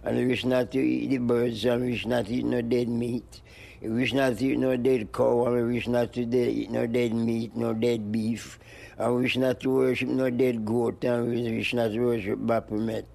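A man, rambling playfully as an interviewee, with a gravelly voice and chanting repetitions. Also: medium pitch, little pitch movement, moderate pace, darkish tone. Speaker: interviewee, musician. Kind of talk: free-associating rambling chat.

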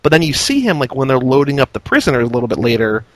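A man's voice: mid-range voice, sing-song, rapid-fire, a bit bright, no room sound, rough recording. A man co-hosting a casual film podcast, recapping the plot and often checking in with "right?". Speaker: podcast co-host. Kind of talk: casual chat about a movie.

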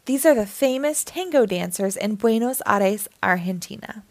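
A woman's voice: mid-range voice, expressive, normal speed, no echo, close to an everyday voice. Woman reading as a cheerful old Santa. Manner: warm, smiling, gently explaining.

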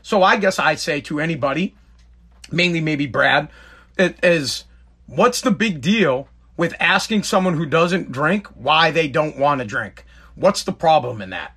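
A man's voice: a little high, measured pace, husky. A man hosting a talk show, telling a casual story in a rambling way with many restarts, and reading viewer comments aloud. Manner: animated when quoting others in the story.

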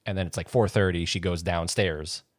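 A man's voice: low voice, steady tone, a little fast, dry recording, studio quality. A man in casual chat, rambling as he retells a scene and acts out voices. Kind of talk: casual chat about horror movies.

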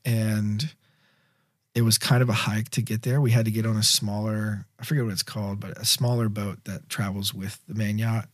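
Male director guest, lowish voice, dry close sound, loose rambling storyteller. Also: normal speed, no room sound. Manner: rambling, filler-heavy, animated storyteller. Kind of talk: casual interview storytelling.

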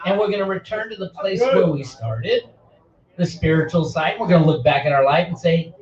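Middle-aged man, fiery ranting channel host, fairly high voice, distant roomy lo-fi sound. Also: lively intonation, normal speed, darkish tone. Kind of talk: impassioned speech.

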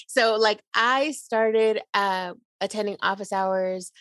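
A woman's voice: mid-range voice, fairly even intonation, slow, fairly bright tone, dry recording, studio quality. A woman from Los Angeles, a podcast guest, bubbly and effusive, switching between English and Spanish. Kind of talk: casual interview chat.

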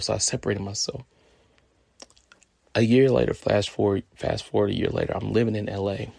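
A man from California in his twenties, telling a personal story in a profane, animated way. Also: fairly low pitch, fairly quick, gravelly, pauses often, husky, no room sound.

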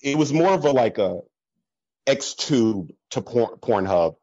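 Lo-fi man telling animated stories. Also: mid-range voice, slow, no echo. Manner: animated storytelling with laughs and quoted voices. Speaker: podcast guest. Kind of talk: casual conversation.

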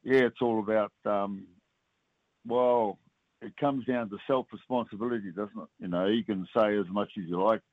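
An older man with a New Zealand accent, a former rugby player talking as a guest on a radio phone-in, halting and full of fillers and restarts. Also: on the low side, fairly even intonation, no echo. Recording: tinny phone line.

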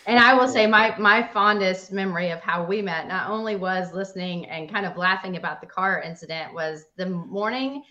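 A woman's voice: medium pitch, normal speed, hardly any pauses, bright, forceful tone, highs cut off. A woman co-hosting a podcast, introducing her guests with enthusiasm. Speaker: podcast co-host.

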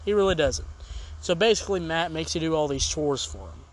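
A man's voice: on the high side, a little fast. A man hosting a podcast who delivers a game review in an exasperated, ranting style full of repeated complaints.

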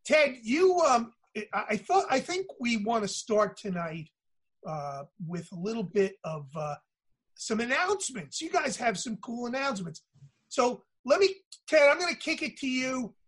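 A middle-aged man hosts a relaxed wrestling chat show. His voice sits high, and he rambles and circles back with frequent fillers. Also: moderate pace, slightly rough. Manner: rambling, hesitant, full of fillers. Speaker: radio show host. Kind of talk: casual podcast chat.

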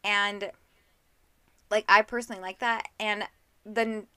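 A young woman co-hosting a casual book podcast, chatty and quick to laugh, filling her talk with "like.". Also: mid-range voice, little pitch movement, pushed and bright, clear, resonant tone, no echo. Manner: chatty, laughs often, lots of "like". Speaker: podcast co-host.

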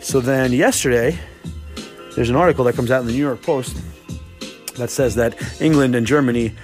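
Solo podcast host, young man, middle-pitched, crude and rambling, faint music bed. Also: moderate pace. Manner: profane, rambling, animated storytelling. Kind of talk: casual monologue.

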